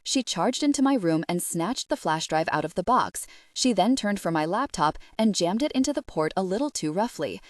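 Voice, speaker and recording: A young woman narrating a first-person romance audiobook in an expressive, emotional way. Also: medium pitch, normal speed, few pauses, dry recording, clean studio sound.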